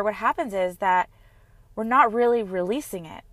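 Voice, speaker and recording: A woman in her thirties, a mother, talking earnestly and gently about her own experience in a heartfelt personal monologue. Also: on the high side, normal speed, no echo. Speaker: mother sharing personal reflections.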